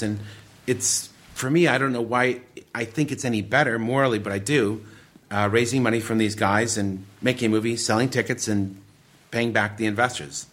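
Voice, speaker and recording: A middle-aged man from the Detroit area tells stories in a husky, lowish voice. He slips into the voices of the people in his anecdotes as he goes. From Detroit area, USA. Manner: animated anecdotes with acted quotes. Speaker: filmmaker guest. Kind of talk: casual storytelling.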